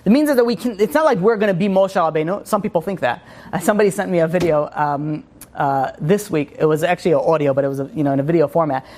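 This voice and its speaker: A man giving an informal religious class, rambling with many restarts and animated asides. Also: on the high side, fast talker. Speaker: Torah teacher.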